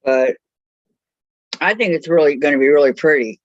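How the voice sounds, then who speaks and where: Woman, mid-range voice, relaxed chatty crafter, dry close sound, muffled call audio. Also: low-pitched, normal speed, no room sound. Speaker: craft class participant. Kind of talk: casual chat while crafting. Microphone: video call.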